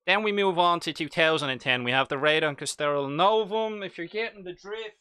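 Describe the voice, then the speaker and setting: A man's voice: on the high side, bright, forceful tone, smooth, dry recording, clean studio sound. A young man with a Dublin accent, chatting casually and jokily while hosting a live hobby stream. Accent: Irish, Dublin. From Ireland. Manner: chatty, jokey, reads chat aloud.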